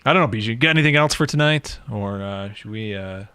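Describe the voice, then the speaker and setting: A man co-hosting a live stream, talking casually and haltingly with many restarts. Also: fairly low pitch, lively intonation, pushed and bright, clear, resonant tone, no echo.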